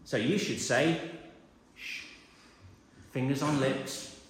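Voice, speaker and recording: A man, preaching a lively sermon and acting out the voices in the story. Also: on the high side, measured pace, slight background noise. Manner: animated, acts out voices, builds repetition. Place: church. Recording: echoey church hall.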